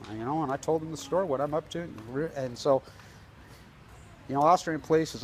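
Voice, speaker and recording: A man's voice: fairly high pitch, fairly quick, a little hiss or hum. A man filming himself at a street protest, talking in a rambling, agitated, conspiratorial way into a handheld camera outdoors. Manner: agitated, conspiratorial, tells stories with quoted dialogue. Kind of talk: self-filmed protest vlog, rambling commentary. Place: outdoors on a street outside an office building.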